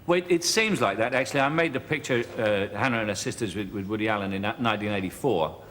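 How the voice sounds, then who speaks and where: A man's voice: lowish voice, quick pace, a bit bright. A man with a Cockney accent, a talk show guest telling jokey anecdotes with stammered restarts. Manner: wry, joking, with stammered restarts. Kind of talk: chatty anecdotal interview. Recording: archive TV studio with hall echo and faint hiss.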